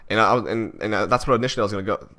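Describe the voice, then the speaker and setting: A man's voice: on the low side, rapid-fire, sharp tone. A young man from Canada talking through his thoughts in a personal vlog, rambling and self-critical with many restarts. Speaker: vlogger.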